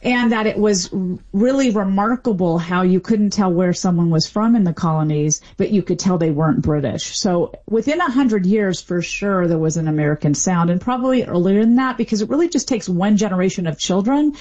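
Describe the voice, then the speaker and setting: A woman expert explaining how accents form, in a measured way with frequent fillers. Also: medium pitch, a little mellow, highs cut off. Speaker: linguist guest. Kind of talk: expert interview answers.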